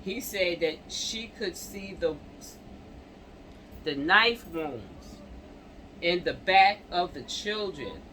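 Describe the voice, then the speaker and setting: Man reading news with halting stumbles. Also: sits high, animated, bright, forceful tone, a little hiss or hum, rough recording. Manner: reads haltingly with stumbles and restarts, breaks off to comment to viewers. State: coughing and clearing throat. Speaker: channel host reading and reacting to news. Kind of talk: news reading with casual commentary.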